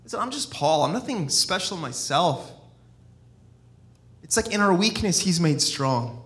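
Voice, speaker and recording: A middle-aged evangelist preaching in a church with a fairly high-pitched voice. He talks in a free-flowing, personal way, telling stories and breaking off into restarts and asides. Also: sing-song, a little slow, fairly bright tone. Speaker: evangelist-missionary. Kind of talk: sermon.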